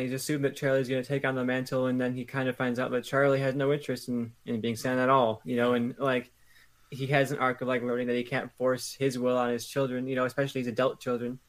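A man co-hosting a podcast in casual chat, speaking in an even, thoughtful way with hesitant restarts. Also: mid-range voice, quick pace. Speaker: podcast co-host.

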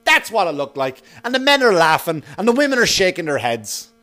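A man with a fairly high voice rambles through a story in a loose podcast monologue. He swears freely and talks with animated energy. A low mains hum sits under the recording. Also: fairly quick. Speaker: podcast host. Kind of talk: casual monologue.

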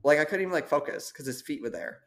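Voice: medium pitch, fast, a little hiss or hum. A podcast host chatting casually with lots of fillers and reading a story from a website aloud. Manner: expressive, lots of "like", laughs easily.

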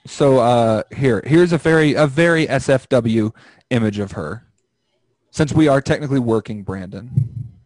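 A man's voice: medium pitch, a little slow, darkish tone, no room sound. A young man hosting a casual podcast over a remote call, joking and rambling with crude humor. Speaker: podcast host.

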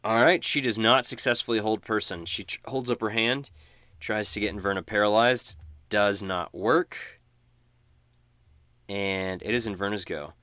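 A man runs a tabletop game, narrating in a relaxed, casual way. His voice sits low. The recording is close and dry. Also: normal speed, no echo. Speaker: game master.

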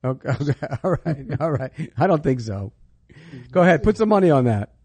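A man's voice: fairly high pitch, very animated, a little fast, darkish tone, no echo. A man giving football picks in an emphatic, opinionated way, repeating himself for stress. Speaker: football analyst. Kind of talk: sports betting chat.

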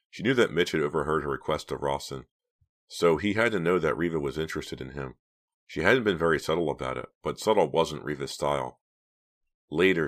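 A man reading an audiobook in steady, measured scripted narration. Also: a bass voice.

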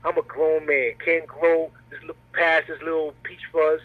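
Husky man joking over a tinny call. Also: fairly high pitch, flat delivery, normal speed. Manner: laid-back, joking, slangy. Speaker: comedian guest. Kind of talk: casual interview over a call. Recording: tinny phone-like call audio.

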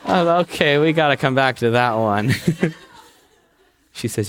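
A young man telling a personal story in a talk, animated and laughing as he goes. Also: takes it slowly, long pauses. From United States. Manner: animated, laughing storyteller who jumps up in pitch. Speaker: speaker giving a talk.

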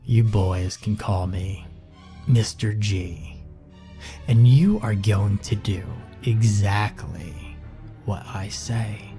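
A man voicing a sadistic, cheerful killer who talks in a low, menacing near-whisper, slow and dark. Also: soft background music.

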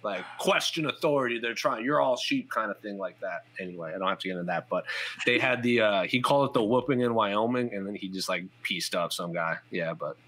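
On his fight podcast, a man with a lowish, pushed and bright voice talks a little fast. It's a loose, conversational casual chat in which he leans on fillers, often saying "like."

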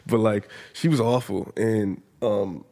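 A man's voice: fairly low pitch, slow pace, gravelly. A man telling stories in a casual podcast chat, swearing freely and acting out the people he quotes. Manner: profane, animated storyteller, acts out quotes. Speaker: podcast guest.

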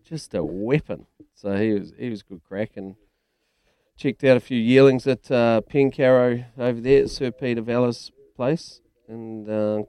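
A man's voice: lowish voice, warm tone, clean tone, dry recording. A man with a New Zealand accent co-hosting a radio sports show, chatting casually in a matey, rambling way.

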